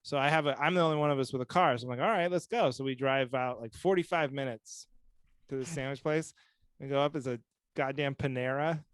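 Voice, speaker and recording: A man's voice: medium pitch, steady tone, a little fast, clean tone. A man co-hosting a podcast, telling jokey stories in casual chat and acting out bits of dialogue. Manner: joking storyteller, acts out dialogue. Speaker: podcast co-host.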